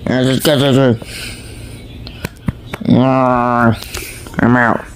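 A man's voice: medium pitch, little pitch movement, drawn-out words, slight background noise. A man voicing a grumpy, lazy fat male house cat in a home video, grumbling, complaining and making threats.

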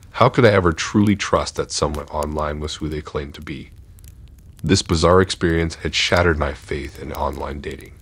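A man giving a measured, steady first-person narration of a horror story. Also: extremely low pitch, breathy edge.

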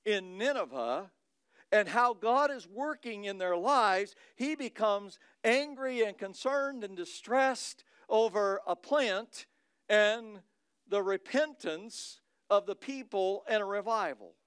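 High-voiced preacher delivering a dramatic sermon. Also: male voice, expressive, slow pace, clean tone, no room sound. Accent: Midwestern American. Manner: dramatic reading of scripture, swinging from loud to hushed. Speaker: pastor.

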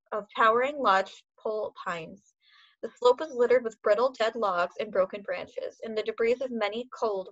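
A woman reading a novel aloud in a steady, expressive way. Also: mid-range voice. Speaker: reader. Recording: dull lo-fi recording.

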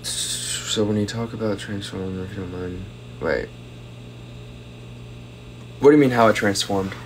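A man's voice: fairly low pitch, unhurried, slight background noise. A young man chatting casually on a phone livestream at home, reading out viewer comments and thanking them for gifts.

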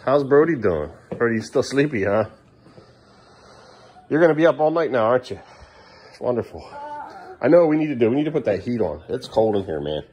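A man's voice: medium pitch, expressive, a little fast, pauses often, a little mellow, highs cut off. A young dad filming a casual home vlog, talking to his kids at bedtime and now and then snapping at them in frustration. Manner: exasperated, scolding in bursts. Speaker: parent vlogger.

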